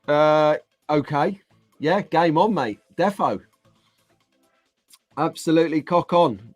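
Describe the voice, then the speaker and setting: A man's voice: on the high side, takes it slowly, darkish tone, no room sound, soft background music. A man hosting a casual live stream, reading out viewer comments and joking along with the chat. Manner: chatty, jokey, reads out viewer comments.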